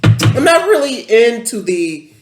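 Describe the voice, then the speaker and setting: A young man chatting on a podcast with strong opinions, delivered in a lively, swooping voice. He sounds like he is in a reverberant, echoey room. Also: slow, heavy background noise. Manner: opinionated, animated, sweeping pitch jumps for emphasis. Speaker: podcast co-host. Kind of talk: casual chat.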